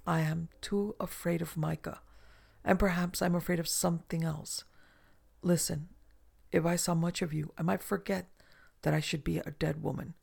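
A reader voicing a weary, sad Spanish noblewoman in an audiobook, speaking slowly and quietly. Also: mid-range voice, fairly even intonation, gravelly, husky. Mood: grave, sorrowful. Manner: slow, grave and quiet. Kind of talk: audiobook reading.

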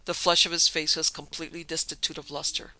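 A man reading a horror story aloud as narrator, in a measured, tense storytelling manner. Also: a little high, level tone, pushed and bright, rough recording. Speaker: narrator and producer.

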